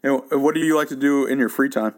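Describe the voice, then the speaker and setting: A man's voice: medium pitch, quick pace. A man interviewing a guest in a loose, chatty way, full of casual fillers.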